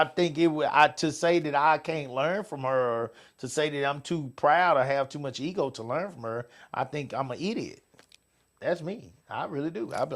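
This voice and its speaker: High-voiced man rambling on a talk show. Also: gravelly. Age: older. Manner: rambling, repeats himself, laughs often. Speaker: host. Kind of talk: casual talk show chat.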